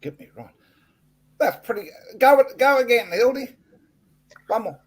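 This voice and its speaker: Laid-back, husky Australian man. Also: extremely high pitch, animated, measured pace. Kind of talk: casual live-stream chat.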